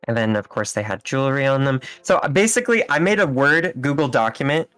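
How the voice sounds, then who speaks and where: A man as an interview guest, telling stories in a relaxed, rambling way with fillers and small laughs. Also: medium pitch, quick pace, clean tone, dry recording. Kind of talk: casual interview chat.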